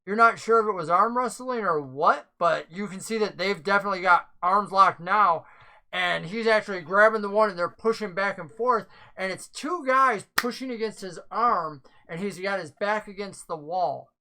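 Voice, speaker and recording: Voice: mid-range voice, moderate pace, bright, forceful tone, low-quality recording. A game master who narrates a tabletop game and explains the rules at length, thinking aloud.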